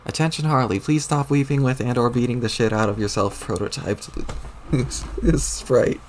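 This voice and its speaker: A man's voice: medium pitch, moderate pace, slight background noise, lightly acted. A man reading a webcomic aloud, voicing a crabby, sarcastic young alien troll boy who swears.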